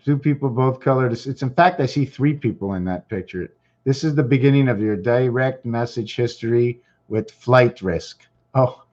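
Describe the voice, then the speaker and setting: Guy rambling to his channel, repeats stuff, kinda hoarse, muffled lo-fi sound. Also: mid-range voice, a little mellow. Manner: distracted, thinking aloud, repeats himself. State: losing his voice. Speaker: channel host. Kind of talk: rambling casual livestream talk. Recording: dull lo-fi recording.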